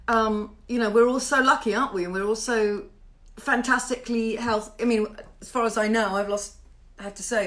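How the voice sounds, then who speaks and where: Bright-voiced British woman chatting live. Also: fairly high pitch. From Britain. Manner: chatty, greets viewers by name, swears playfully. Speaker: singer hosting a home livestream. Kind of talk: casual livestream chat. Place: home.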